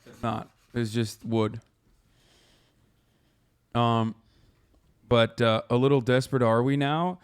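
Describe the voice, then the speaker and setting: A man hosting a casual live stream, reacting to posts with animated, profane commentary. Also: mid-range voice, slow, pauses often, smooth. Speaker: streamer host.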